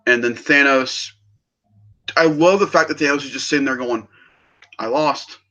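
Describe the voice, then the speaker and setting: A man's voice: mid-range voice, moderate pace, bright, forceful tone, lo-fi sound. A man hosting a movie podcast, eagerly retelling film scenes in casual review chat.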